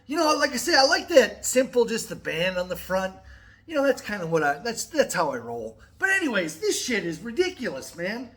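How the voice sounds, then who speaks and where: Middle-aged male vlogger, profane rambling ranter, bright and animated delivery. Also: high voice, normal speed. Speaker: metal music YouTuber. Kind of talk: casual to-camera vlog rant.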